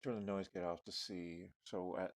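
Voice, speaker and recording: A man's voice: deep voice, steady tone, fairly quick. A man live streaming who talks casually and thinks aloud while adjusting his microphone settings. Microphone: desk microphone with noise gate and compressor.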